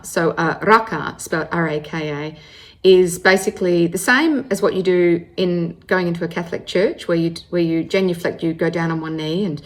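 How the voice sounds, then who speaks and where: An Australian woman in her forties telling her own story in an animated, chatty way, with many fillers and restarts. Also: lowish voice. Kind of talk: personal storytelling monologue.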